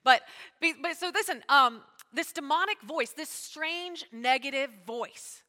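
Woman preacher, fast emphatic sermon, bright voice, long hall reverb. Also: high voice. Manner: fast-talking, emphatic, calls out to the congregation. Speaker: pastor.

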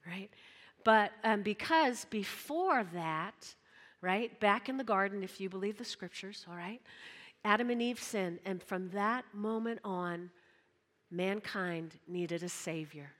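Casting: female preacher, mid-pitched, chatty sermon that calls the room to respond, long hall reverb. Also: measured pace, a bit bright. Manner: conversational, calls on the audience to respond.

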